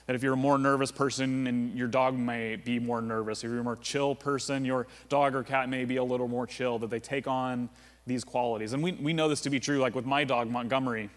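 A man's voice: medium pitch, fairly even intonation, a little fast. A man preaching a sermon as pastor in a casual, conversational way, often saying "like" and "uh". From United States. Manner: conversational, with frequent "like" and "uh" fillers. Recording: long reverb of a large room.

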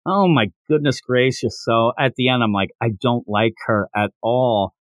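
A man co-hosting a manga podcast, chatting casually and acting out character lines in quick asides. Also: medium pitch, dry recording. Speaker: podcast co-host. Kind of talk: casual chat.

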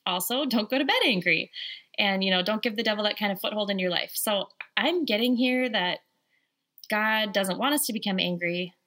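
A woman's voice: medium pitch, moderate pace, pushed and bright. A woman co-hosting a casual talk show, chatting and quoting scripture conversationally. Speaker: podcast co-host. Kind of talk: casual faith chat.

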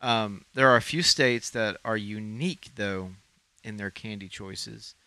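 A man's voice: on the low side, unhurried, clean tone, no room sound. A man from Arkansas co-hosting a podcast, chatting casually and rambling with lots of ums. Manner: relaxed, rambling with many ums. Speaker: podcast co-host. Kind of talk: casual chat.

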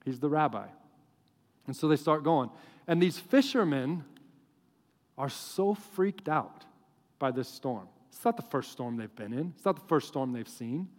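A man preaching a sermon to a congregation, telling stories in an animated, joking way. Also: on the high side, a little slow. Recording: long hall reverb.

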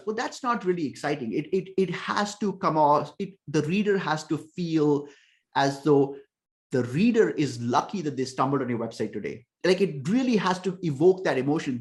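A man speaking as a podcast guest, explaining with emphasis and often repeating words as he thinks. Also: high voice. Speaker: podcast guest, ecommerce conversion expert. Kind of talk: casual podcast interview.

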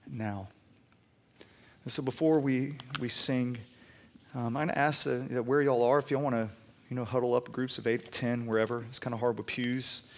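A male pastor delivers a sermon from a church sanctuary. His voice sits at an ordinary middle pitch. He swells into loud, pleading emphasis, then settles back into easygoing, conversational storytelling.

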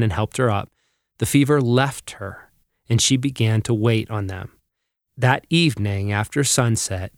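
A man co-hosting a podcast, earnestly teaching through Bible passages and reading scripture aloud at a slow, deliberate pace. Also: mid-range voice, a little mellow, no room sound, studio quality. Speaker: podcast co-host.

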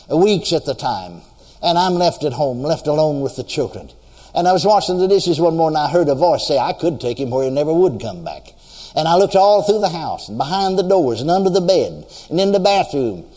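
Man, preacher, slightly high and animated voice, fervent and repetitive, long reverb of a big hall. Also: fairly quick. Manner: fervent, exclaims praises between sentences; repeats phrases for emphasis. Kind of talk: sermon.

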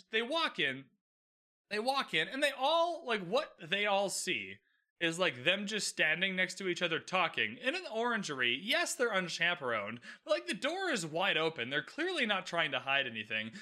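Animated bright-voiced man recapping a show. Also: on the high side. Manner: animated, laughing, acts out characters' lines in quick quotes. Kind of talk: casual recap commentary.

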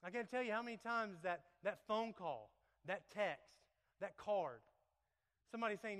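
A pastor preaches to his congregation in a playful, laughing manner, weaving a live demonstration into his sermon. His high voice is expressive, a bit bright, and moderately paced, with echoey hall reverb.

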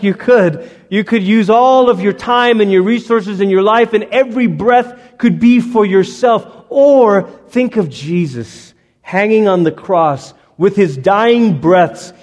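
A man's voice: high-pitched, darkish tone. A male pastor preaching a sermon, dramatic, acting out the voices he quotes. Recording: long hall reverb.

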